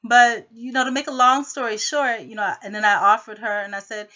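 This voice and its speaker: Woman venting a long story, sharp bright voice, muffled lo-fi phone audio. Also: on the high side, steady tone, fairly quick. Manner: rambling, heavy on filler phrases. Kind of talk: recounting a personal conflict.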